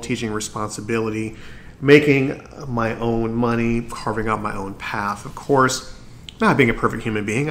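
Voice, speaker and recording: A man's voice: mid-range voice, a bit bright, slight background noise. A man hosting his own podcast, talking earnestly and encouragingly, sometimes tripping over his words. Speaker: podcast host. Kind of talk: solo podcast talk.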